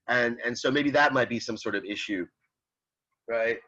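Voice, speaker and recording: At a moderate pace, a college ethics instructor speaks in a pushed, bright, medium-pitched voice. He rambles casually through the class with lots of fillers and restarts, reading student comments aloud and answering them, on a slightly muffled recording.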